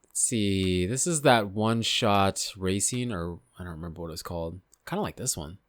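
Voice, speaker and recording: A young man, slightly hoarse, casually talking through a video game's menus, rambling and often unsure of himself. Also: sits low, normal speed, dry recording, studio quality. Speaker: gaming YouTuber. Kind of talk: casual gameplay commentary.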